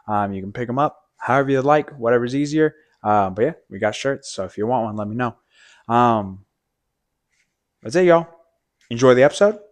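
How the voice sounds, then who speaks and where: A man hosting a podcast, chatting casually with loose swearing and jokes. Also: medium pitch. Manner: laid-back, swears casually, joking. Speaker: podcast host.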